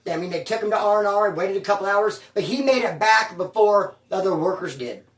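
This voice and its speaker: A man's voice: high voice, expressive, a little fast. A man who served time, telling a prison story in casual street slang, swearing freely and acting out what people said. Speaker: former inmate storyteller. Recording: roomy echo, distant mic.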